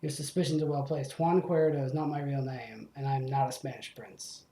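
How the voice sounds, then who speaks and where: A man voicing a sly male fox detective who poses as a prince, speaking smoothly and theatrically in a roomy room. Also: mid-range voice, steady tone, brisk, mellow, natural voice. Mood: smooth evasive. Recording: roomy echo.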